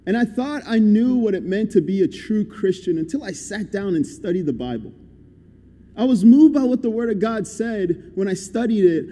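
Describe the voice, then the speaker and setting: A man's voice: sits high, mellow. A young man giving a guest sermon in a conversational, upbeat and encouraging way. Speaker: guest preacher. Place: church hall. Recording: echoey church hall.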